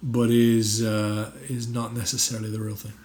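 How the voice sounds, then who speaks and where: A man's voice: lowish voice, completely flat delivery, moderate pace, darkish tone. Chatty actor man with lots of fillers. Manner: chatty, many fillers and restarts. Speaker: actor guest. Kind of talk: casual interview chat.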